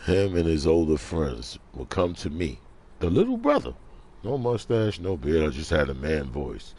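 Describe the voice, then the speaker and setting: A man ranting preachily in a casual monologue, talking low and quietly at home in the early morning. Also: very animated, moderate pace, creaky. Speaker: vlogger.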